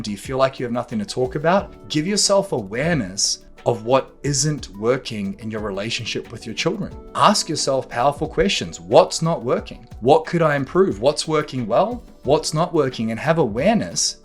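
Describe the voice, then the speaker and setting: A man delivering a straight-talking coaching monologue, his pitch sitting in the middle range for a man. He swears freely and drives his points with pointed rhetorical questions. Faint music plays softly underneath. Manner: blunt, swears often, emphatic rhetorical questions. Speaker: podcast host and coach. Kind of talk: direct-to-camera coaching monologue.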